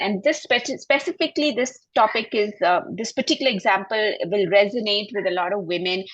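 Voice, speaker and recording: A woman's voice: medium pitch, a bit bright, no room sound, dull audio. A middle-aged woman telling a personal story on a festival panel, emphatic and heartfelt, often restarting her sentences. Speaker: panel speaker. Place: festival stage.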